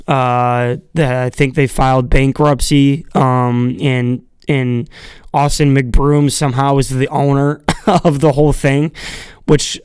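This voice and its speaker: A man's voice: medium pitch, smooth, dry recording. A young man hosting a casual solo podcast, rambling with lots of fillers and casual swearing, sounding like he just woke up. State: just woke up, voice a bit groggy. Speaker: podcast host.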